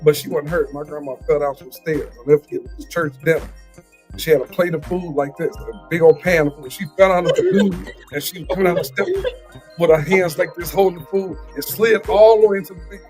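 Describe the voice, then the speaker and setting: A man on a morning show telling a story in easy, casual talk, his voice a little higher than most men's. He chuckles as he goes, and soft music plays behind him. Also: brisk.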